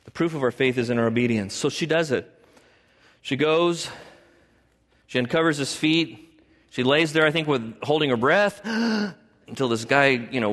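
Male preacher, mid-pitched voice, emphatic and story-driven, recorded with long reverb in a church hall. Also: normal speed, long pauses, a bit bright. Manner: emphatic, rhetorical questions, storytelling. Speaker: pastor. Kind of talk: sermon.

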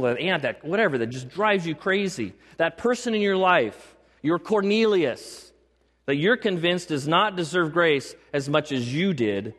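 Here a pastor with a mid-range, slightly bright voice gives an emphatic sermon in a church sanctuary. He returns to key phrases and asks the congregation questions, all wrapped in a large hall's long reverb.

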